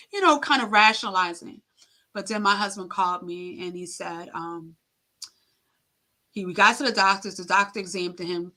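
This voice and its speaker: Speaking haltingly with frequent fillers, a middle-aged woman tells an emotional story of her own on an interview, acting out the quoted lines. Her medium-pitched voice sounds bright and forceful.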